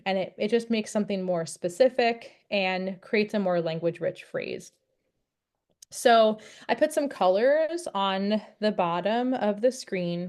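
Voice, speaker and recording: A woman's voice: mid-range voice, a little mellow. A young woman, a teacher of the deaf, presenting a friendly, step-by-step parenting webinar. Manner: friendly, encouraging, explains step by step.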